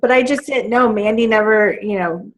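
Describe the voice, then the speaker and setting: A woman's voice: fairly high pitch, moderate pace. A woman in her thirties, a fitness team coach, chatting casually on a team call with many fillers and laughs.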